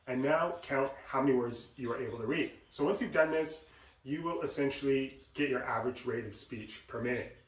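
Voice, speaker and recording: A man teaching voice exercises, explaining and acting out examples in an animated way. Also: medium pitch, a little fast. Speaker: voice coach. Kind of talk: instructional talk with demonstrations. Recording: roomy sound, mic at a distance.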